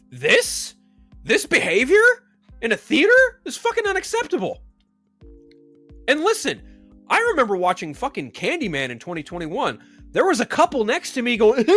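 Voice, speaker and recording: A man hosts a commentary show in a heated, profane rant. His voice sits high and swings widely. It has a bright edge, with faint music behind it. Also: dry recording. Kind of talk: ranting commentary.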